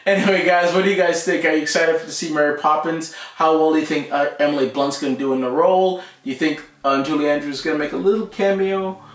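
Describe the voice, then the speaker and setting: A man's voice: a little high, fairly even intonation, fast, hardly any pauses. A man co-hosting a casual pop-culture chat, talking emphatically and often restarting his words. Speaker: co-host. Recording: roomy echo, mic at a distance.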